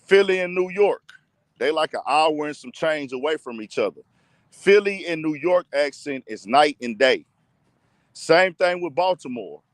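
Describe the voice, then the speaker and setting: A man's voice: on the high side, expressive, a little slow, no room sound. A man with a Texas accent hosting a casual commentary show, ranting emphatically and addressing his audience directly. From Texas, USA.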